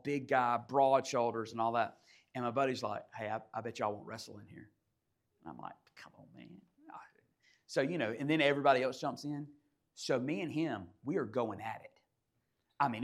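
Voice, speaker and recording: A man preaching a sermon, telling a personal story in a conversational way that swings from hushed asides to loud bursts. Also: mid-range voice. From South Georgia, USA. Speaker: pastor.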